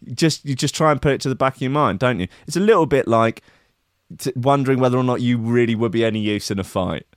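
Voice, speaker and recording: A man's voice: mid-range voice, quick pace, no room sound, studio quality. A man hosting a comic riff on the news, rambling and sardonic, swearing and mocking himself. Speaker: comedian host.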